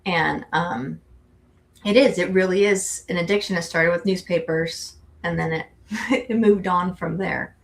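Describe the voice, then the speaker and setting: An unhurried, lowish voice with vocal fry belongs to a middle-aged woman co-hosting a tarot show. She chats casually, rambling and often restarting.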